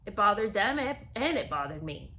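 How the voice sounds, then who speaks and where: A woman's voice: medium pitch, big pitch swings, normal speed, pushed and bright, highs cut off, a little hiss or hum. A woman voicing a lovestruck young man, quoting him in a mildly mocking way. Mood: wistful.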